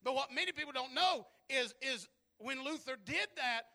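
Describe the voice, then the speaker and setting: Male preacher, high bright voice, storytelling that swells into shouted preaching. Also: animated, moderate pace. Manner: repeats words when starting phrases. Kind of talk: sermon.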